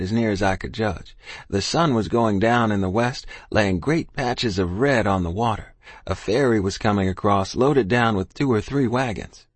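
A man with a low, slightly husky voice tells a first-person tale in a plain, folksy rural dialect. He reads steadily and close to the microphone, and the sound is dry with no room echo. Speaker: audiobook narrator. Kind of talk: first-person storytelling narration.

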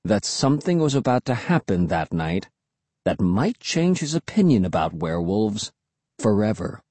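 A man reads a first-person story aloud with lively, expressive inflection. His voice is mid-pitched and slightly husky, recorded close and dry with no room sound. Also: moderate pace, no echo. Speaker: audiobook narrator. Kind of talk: first-person audiobook narration.

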